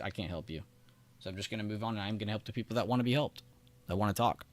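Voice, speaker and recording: On a live trading stream, a man with a fairly low voice offers casual market commentary and chats with viewers. He's chatty and relaxed, laughs often, and speaks straight to the chat. The recording has no echo.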